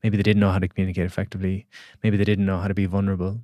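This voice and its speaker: Male podcast guest, low voice, thoughtful storyteller, dry close sound. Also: level tone, racing, dark tone, no room sound. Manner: reflective, storytelling, many restarts. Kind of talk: casual podcast conversation.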